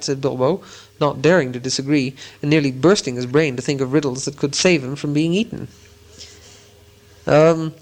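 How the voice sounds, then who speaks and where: Storybook narrator, man, somewhat high-pitched, slow and deliberate. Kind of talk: reading a storybook aloud.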